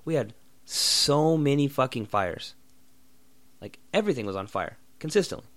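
A man's voice: mid-range voice, expressive, normal speed, dry recording. Profane ranting young man, dry room. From Oregon. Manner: profane, blunt, sarcastic ranting. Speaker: podcast host. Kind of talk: solo ranting podcast.

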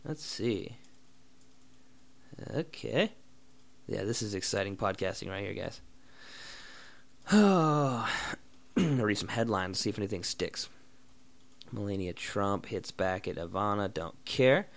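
A man's voice: on the low side, expressive, slow pace, gravelly, pauses often. A young man hosting a solo podcast, ranting bluntly and sarcastically with lots of swearing. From Oregon. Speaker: podcast host.

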